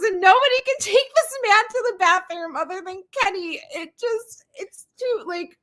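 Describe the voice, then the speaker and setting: A woman's voice: very high-pitched, normal speed, few pauses, pushed and bright. A young woman co-hosting a casual movie chat, giggly and chatty, with lots of filler words. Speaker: podcast co-host.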